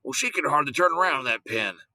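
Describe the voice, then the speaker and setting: A man's voice: a little high, lively intonation, fast talker, pushed and bright, dry recording, poor audio. A man voicing a plain-spoken farmer father who speaks hesitantly and apologetically. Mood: apologetic.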